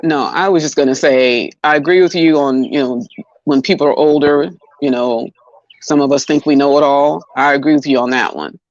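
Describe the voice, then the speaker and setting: A middle-aged man speaks as a guest in a relaxed online discussion, his voice sitting a little high. He tells stories easily and repeats himself to drive points home. The sound is dry and slightly muffled, like a call line. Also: normal speed, no echo. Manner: easygoing, storytelling, repeats himself for emphasis. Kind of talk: casual livestream discussion.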